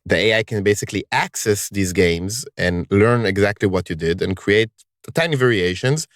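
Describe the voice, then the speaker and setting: A man hosting a podcast in casual conversation, speaking emphatically and lifting his pitch on key words. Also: normal speed, no echo, clean studio sound. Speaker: podcast host.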